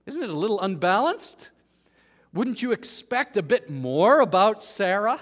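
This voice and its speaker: A man preaching a sermon, earnest, dropping to a hush and then rising to emphatic peaks. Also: high-pitched, very animated, a little slow. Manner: earnest, swings from hushed to emphatic. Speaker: pastor. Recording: long hall reverb.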